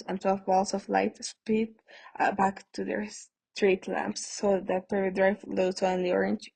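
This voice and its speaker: A woman's voice: medium pitch, vocal fry, dark tone, breathy edge, poor audio. A woman hosting a podcast, reading an audiobook aloud in a plain way with small stumbles. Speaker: podcast host, audiobook reader. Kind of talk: amateur audiobook narration.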